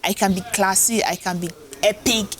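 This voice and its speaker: Animated woman telling stories. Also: medium pitch, moderate pace, crowd noise, low-quality recording. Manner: animated storytelling, often laughing. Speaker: actress and producer, interview guest. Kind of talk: casual interview chat.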